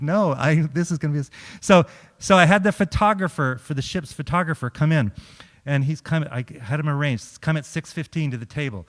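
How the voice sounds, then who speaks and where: A middle-aged man, a chaplain, telling humorous stories to a congregation, acting out quotes and laughing often. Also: medium pitch. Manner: lively storyteller, acts out quotes and laughs often. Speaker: chaplain speaking at a church. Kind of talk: humorous storytelling talk to a congregation. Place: large church hall. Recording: long hall reverb.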